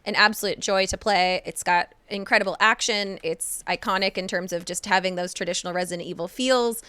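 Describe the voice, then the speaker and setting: A woman streaming a horror game, chatting casually and excitedly while she plays and talking to herself about her moves. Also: medium pitch, fairly quick, smooth, no echo. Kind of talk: casual live-stream chat.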